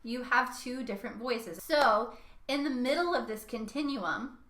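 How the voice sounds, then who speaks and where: A young woman vocal coach giving a singing lesson, talking in a lively way and showing each sound with her own voice. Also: a little high, measured pace, echoey room.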